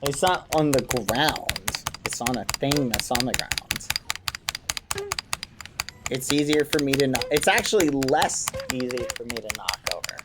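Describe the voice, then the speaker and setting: Gaming live at home, this streamer talks casually to his audience, using mild exclamations where he'd otherwise swear. He speaks a little slowly with lively intonation at a medium pitch. The recording is very noisy, with typing and keyboard clicks in the background.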